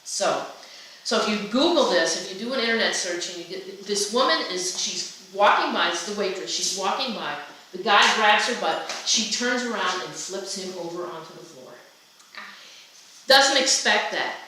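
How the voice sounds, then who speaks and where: A woman presenting a workshop in a chatty, animated way, often restarting her sentences. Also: medium pitch, normal speed. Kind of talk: conversational seminar talk. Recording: echoey room from a distance with faint noise.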